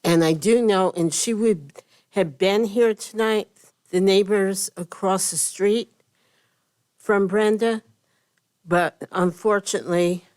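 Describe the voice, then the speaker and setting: A woman neighbor giving a deliberate statement during public comment at a county meeting. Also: fairly low pitch, darkish tone.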